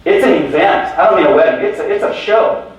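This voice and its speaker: A man's voice: sits high, a little fast, dull audio. A man giving a conference keynote as stories, joking and quizzing the audience with questions. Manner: animated, jokey, addresses audience with questions. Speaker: keynote speaker. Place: large lecture hall. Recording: very echoey hall from far off.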